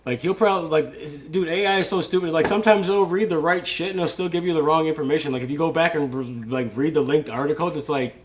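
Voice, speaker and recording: A man's voice: fairly high pitch, quick pace, hardly any pauses. A man in casual chat, ranting and swearing heavily with laughs.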